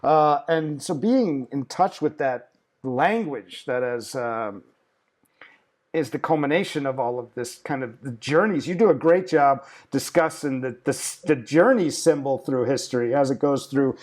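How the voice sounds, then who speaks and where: A man's voice: medium pitch, lively intonation, unhurried. A man hosting a casual conversation from his house, reflecting and thinking aloud.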